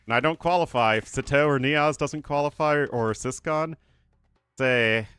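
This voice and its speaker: A man's voice: medium pitch, normal speed, fairly bright tone, smooth. A man casting a live strategy game tournament, chatty and joking as he answers viewer chat. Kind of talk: live esports commentary.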